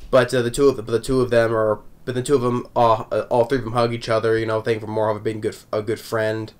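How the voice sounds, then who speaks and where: A man's voice: medium pitch, little pitch movement, fast. A man recapping an anime episode in a casual, rambling way, chuckling often between thoughts. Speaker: anime reviewer.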